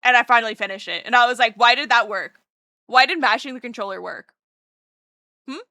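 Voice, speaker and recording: A woman streaming live, chatting casually with her viewers in a bubbly, excitable way, rambling with lots of fillers and greeting chat with repeated hellos. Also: a little high, a little fast, no room sound.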